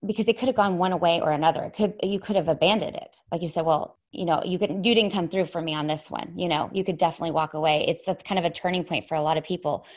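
A woman with a slightly lower voice leads an interview. She frames her questions haltingly, restarting as she goes. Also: steady tone. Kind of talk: interview conversation.

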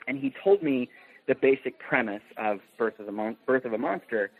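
Excited man on a tinny phone line. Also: mid-range voice, a little fast, vocal fry, breathy edge. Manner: enthusiastic, laughs while telling stories. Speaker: film producer guest. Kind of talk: casual podcast chat.

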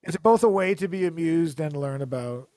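A man's voice: a little high, animated, moderate pace, warm tone, no echo, clean studio sound. A man co-hosting a casual chat, rambling and joking, often breaking into laughter. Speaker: podcast co-host.

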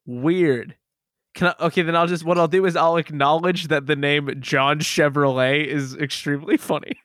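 Smooth-voiced man hosting a podcast. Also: fairly high pitch, fairly even intonation, normal speed, fairly bright tone, dry recording, clean studio sound. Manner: rambling, self-deprecating, laughs often. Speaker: podcast host. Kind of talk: casual podcast chat.

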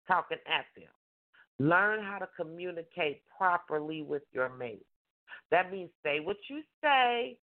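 A woman life coach hosting a call-in show. She gives relationship advice emphatically, repeats her points and acts out the voices of the couples she describes. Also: mid-range voice. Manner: emphatic, repetitive preaching with acted-out mimicry. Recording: tinny phone-line sound.

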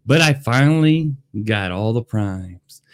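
A man chatting excitedly in a casual taste-test vlog, talking to his viewers. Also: medium pitch, slow pace, smooth. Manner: excitable, chatty, lively delivery. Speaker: vlogger. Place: Las Vegas.

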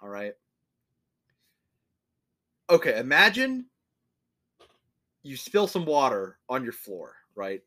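A man co-hosting a podcast in casual chat, telling animated stories and laughing a lot. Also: medium pitch, slow, pauses often. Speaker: podcast co-host.

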